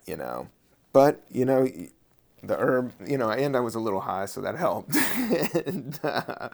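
A man hosting his own podcast as a comedian, talking in a loose, meandering way with casual swearing, a little high. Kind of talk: casual rambling podcast monologue.

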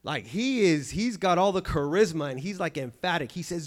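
A man's voice: a little high, animated, normal speed, few pauses. A man preaching a sermon in church, earnest and emphatic, often restarting and repeating phrases.

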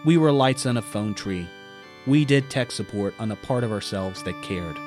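A man's voice: lowish voice, expressive, normal speed, over music. A man narrating a personal story in a wry, self-deprecating way, now and then putting on voices for the people in it.

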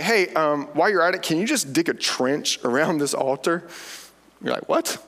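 A man preaching a sermon, telling the story with animated, playful quoted asides. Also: on the high side, long reverb tail. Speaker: pastor.

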